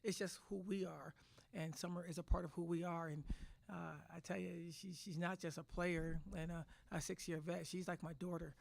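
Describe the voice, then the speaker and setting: A woman's voice: lowish voice, fairly even intonation, normal speed, creaky, a little mellow, dry recording. A middle-aged woman head coach answering press conference questions with emphatic, restarting speech. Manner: emotional, repetitive restarts, emphatic.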